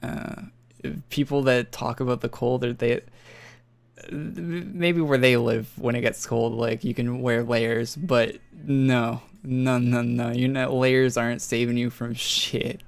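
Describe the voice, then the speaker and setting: A smooth, medium-pitched male voice with vocal fry belongs to a young man from northern Alberta, Canada. He's chatting casually on a gaming stream, rambling and swearing, and faint music sits in the background.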